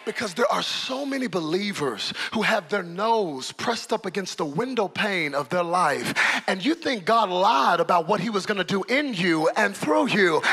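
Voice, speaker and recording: A man as guest preacher, giving a fervent, animated sermon in church with storytelling and shouted peaks. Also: very high voice, moderate pace, creaky, slight background noise. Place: church service.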